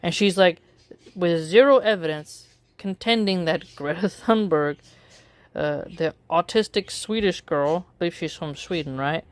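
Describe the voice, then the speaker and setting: A woman giving casual opinion commentary in a wry, measured way, drawing out her phrases with pauses. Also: fairly low pitch, no echo. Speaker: political commentary vlogger.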